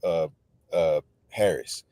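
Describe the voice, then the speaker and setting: A man's voice: rumbling low, slow, dark tone, no room sound. A man in casual podcast chat, explaining and defending his view, often repeating words as he starts.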